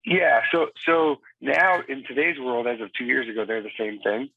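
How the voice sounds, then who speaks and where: A man's voice: mid-range voice, fairly even intonation, normal speed, gravelly, no room sound. A man who served as a Marine, talking as a phone-in guest on a radio interview and telling stories with energy. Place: cabin in Virginia. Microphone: phone line. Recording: tinny phone line.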